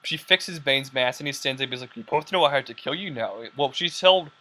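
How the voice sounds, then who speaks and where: A young man hosting a casual podcast, rambling excitedly with lots of fillers and quoted lines. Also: mid-range voice, brisk. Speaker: podcast host. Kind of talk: casual chat.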